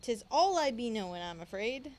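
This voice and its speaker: A woman's voice: on the high side, expressive, moderate pace, a little mellow, slight background noise, pitched below the performer's own voice, close to an everyday voice. A woman voicing a greedy male pirate sailor in a put-on pirate accent, stumbling over the dialect as she reads. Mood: gruff.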